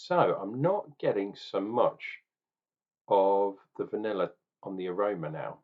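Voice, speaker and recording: A man's voice: lowish voice, animated, a little slow, narrow, tinny audio. A man chatting casually while tasting and reviewing a beer, thinking aloud with ums and restarts.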